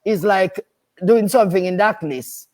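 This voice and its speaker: An older woman from Dominica talks as a nurse and midwife guest on a radio show. She is emphatic and firm, and she often repeats her points. Her pitch sits in the middle for a woman. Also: a little slow, a little mellow. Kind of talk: casual radio chat.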